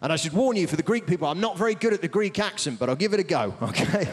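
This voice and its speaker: A man on a theatre stage doing stand-up, his pitch leaping around as he rambles through a story and calls out to the crowd. His voice sounds slightly high for a man. It carries a long hall echo, with a loud audience behind it. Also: animated, fast, hardly any pauses, background noise. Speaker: stand-up comedian. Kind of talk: stand-up comedy. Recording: big theatre with roaring audience.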